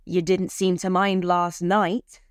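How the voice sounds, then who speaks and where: A woman's voice: fairly low pitch, flat delivery, slow, no room sound, studio quality. A woman voicing a curt, contemptuous young man in a story reading. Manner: curt and dismissive.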